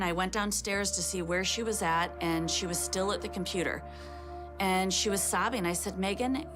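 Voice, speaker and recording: A middle-aged woman tells her own story as a mother in a slow, measured manner. Her voice sits at an ordinary middle pitch, and clear background music plays beneath her testimony. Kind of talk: personal testimony. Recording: music playing underneath.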